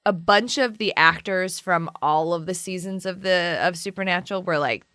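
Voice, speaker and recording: Lower-voiced young woman, dry sound. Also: normal speed, no echo. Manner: animated, swears freely, frequent "like". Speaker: podcast co-host. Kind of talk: casual book chat.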